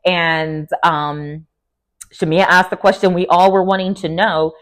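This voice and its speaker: A young woman talks through a reality TV episode in a loose, gossipy recap. Her voice sits a little on the lower side. She chats casually and breaks into quick, playful quotes of the people she is describing. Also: flat delivery. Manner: chatty and gossipy, with sudden playful quoting. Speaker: TV recap vlogger.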